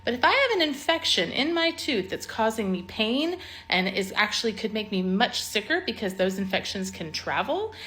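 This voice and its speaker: Brief: indignant female vlogger, slightly high voice, emphatic rant. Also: very animated, normal speed, hardly any pauses, sharp tone. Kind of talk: casual vlog rant.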